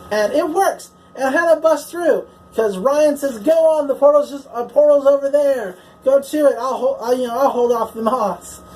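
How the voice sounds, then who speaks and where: Chatty woman recapping an episode, higher voice. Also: darkish tone, slight background noise, rough recording. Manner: chatty, swears freely, lots of "like" and "you know". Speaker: TV episode reviewer. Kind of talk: casual plot recap.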